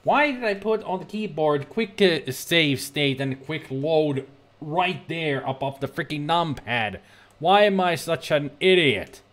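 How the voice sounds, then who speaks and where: High, lively, excitable man gaming. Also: a little slow. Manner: excitable, exclaiming, rambles aloud. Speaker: gamer. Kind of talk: let's play commentary.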